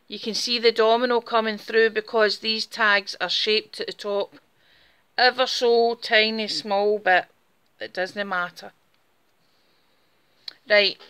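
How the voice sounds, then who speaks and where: A woman's voice: fairly high pitch, sharp tone, clean tone. A woman with a Scottish Borders accent, chatting casually through a step-by-step craft demonstration while she works with her hands. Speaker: craft tutorial host.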